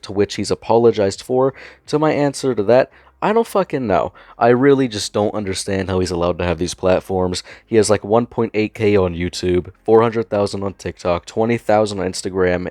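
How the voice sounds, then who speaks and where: Young male commentator, very low voice, dry close sound, mocking and disbelieving, swears a lot. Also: darkish tone, no room sound. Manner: incredulous, sarcastic, swears freely. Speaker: online commentator. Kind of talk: commentary narration.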